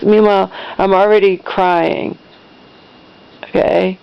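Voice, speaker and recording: Middle-aged woman vlogger, emotional rambling storyteller, slight fry, muffled low-fi sound. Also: fairly even intonation, a little slow. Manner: rambling, emotional retelling with restarts. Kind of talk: personal storytelling to camera.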